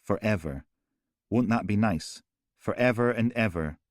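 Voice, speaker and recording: A man voicing a killer who speaks in a hushed, soothing, sinister way. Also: lowish voice, unhurried, dry recording, studio quality, close to an everyday voice. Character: creepy soothing male killer, unhinged.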